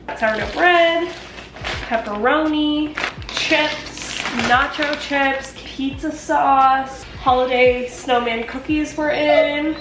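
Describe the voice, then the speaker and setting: A woman's voice: sits high, slow, noisy background. A woman talking casually and upbeat in a weekend vlog, with lots of fillers. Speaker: lifestyle vlogger.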